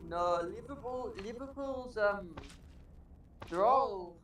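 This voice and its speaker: A man's voice: high voice, slow, a bit bright. English guy, casual rambling gamer chat, roomy echo, distant and noisy mic.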